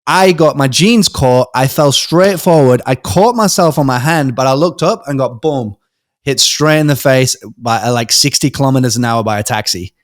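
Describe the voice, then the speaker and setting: A man's voice: medium pitch, moderate pace, no echo, studio quality. A young British man, a podcast guest, telling a personal story in a casual way, acting out the voices of others with many ums and restarts. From Britain. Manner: animated storyteller, acts out quoted voices, frequent ums and restarts.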